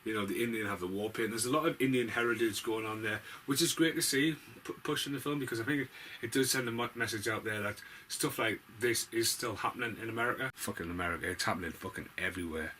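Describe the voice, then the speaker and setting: A man's voice: fairly low pitch, fast, bright, forceful tone, slight background noise. Blunt, sweary man ranting about films. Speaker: film reviewer. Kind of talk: casual ranting film review.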